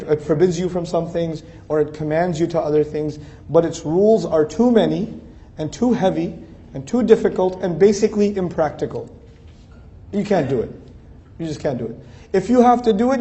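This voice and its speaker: A man with a fairly high, mellow voice delivers a religious lecture. He talks to the audience plainly and conversationally. He drives home each point by repeating phrases in a steady rhythm. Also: lo-fi sound. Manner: conversational, builds emphasis through repetition. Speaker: Islamic lecturer.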